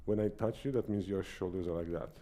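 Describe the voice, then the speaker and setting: A man's voice: deep voice, quick pace. A man teaching a piano masterclass, singing rhythms with syllables as he coaches. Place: recital salon.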